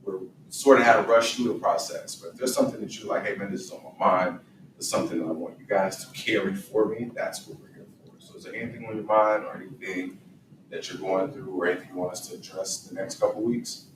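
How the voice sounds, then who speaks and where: A man's voice: deep voice, steady tone, fast talker. A man leads a youth group in an emphatic, preaching motivational talk with call-and-response. He is picked up from across the room. The space is roomy, with a faint hiss under the voice. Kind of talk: motivational talk to young men. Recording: distant mic in echoey room with faint noise.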